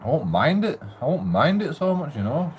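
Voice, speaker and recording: A man's voice: on the high side, sing-song, moderate pace, a little mellow, a little hiss or hum. A man ranting casually at home in a shared house, grumbling and swearing as he rambles with restarts. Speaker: vlogger.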